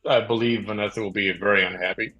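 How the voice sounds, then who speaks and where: A male host talking late at night in a loose, rambling way. His voice sits low and a little husky. Faint music plays beneath him. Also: steady tone, fast, pushed and bright, muffled recording. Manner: rambling, hesitant with fillers. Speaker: podcast host. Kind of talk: late-night casual chat.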